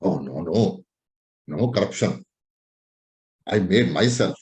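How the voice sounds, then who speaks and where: A man's voice: deep voice, lively intonation, slow pace, a little mellow, voice pushed down. A man acting out a boastful, self-important male patient who shows off his wealth to his doctor. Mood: defensive. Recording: roomy echo.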